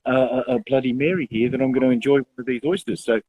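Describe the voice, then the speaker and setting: A young man co-hosting a casual live show, chatty and quick to laugh, calling his partner mate. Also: mid-range voice, warm tone, breathy edge, no echo, poor audio. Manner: chatty, laughs often, says mate a lot. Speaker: co-host.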